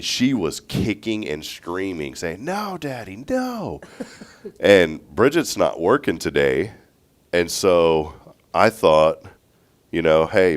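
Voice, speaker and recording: A man sounds stuffed up and congested as he hosts a morning show. His voice sits very low. He rambles through casual chat and breaks into laughs often.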